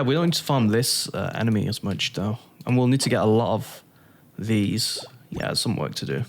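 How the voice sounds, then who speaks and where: A man's voice: mid-range voice, slight background noise. A man giving casual commentary on his own gameplay, thinking aloud and chuckling to himself. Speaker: gaming YouTuber.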